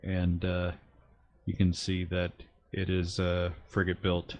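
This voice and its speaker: A man running a tabletop game as game master, explaining rules and narrating in a halting way with many fillers. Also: deep voice, completely flat delivery, a little mellow, no room sound.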